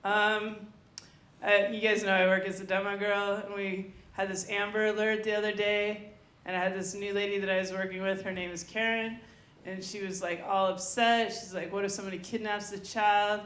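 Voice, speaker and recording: A woman's voice: medium pitch, flat delivery, moderate pace, a bit bright. Chatty woman doing stand-up in an echoey club. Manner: chatty, rambling, talks to the crowd. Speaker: stand-up comedian. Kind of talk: open mic stand-up set. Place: comedy club stage. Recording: echoey club room, faint noise.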